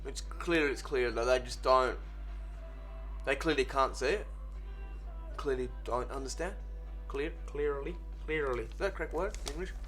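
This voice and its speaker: A man's voice: mid-range voice, normal speed, pauses often, fairly bright tone, soft background music. A man giving rambling, sweary mock how-to advice while hungover. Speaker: vlogger. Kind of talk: comedic how-to vlog.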